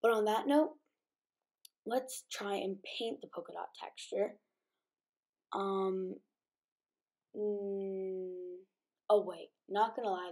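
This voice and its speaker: A woman's voice: medium pitch, fairly even intonation, takes it slowly, pauses often, a little mellow. Sleepy, chatty woman gamer. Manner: chatty, many ums and likes. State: sleepy, just woke up. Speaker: gaming YouTuber. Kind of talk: casual game commentary.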